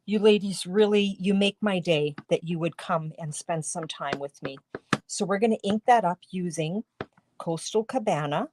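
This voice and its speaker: Live from her home craft studio, a middle-aged woman demonstrates card making at normal speed in a fairly low voice, over a noisy background. She chats and talks viewers through each step, coughing now and then from a tickle in her throat.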